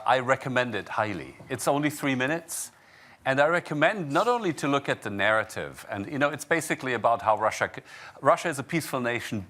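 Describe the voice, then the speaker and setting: A man's voice: lowish voice, a bit bright. A man moderating a conference panel, conversational and given to hesitant repeats. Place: conference hall.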